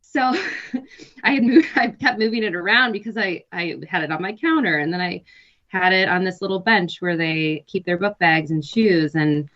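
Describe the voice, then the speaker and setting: Low-voiced woman on dull remote audio. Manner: relaxed, laughs often, thoughtful with pauses. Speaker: guest, nurse and health coach. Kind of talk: casual interview chat.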